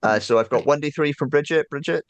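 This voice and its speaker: A man's voice: fairly high pitch, quick pace, no echo. A man narrating as game master of a tabletop horror game, telling the scene with many fillers. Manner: lively storyteller, many fillers.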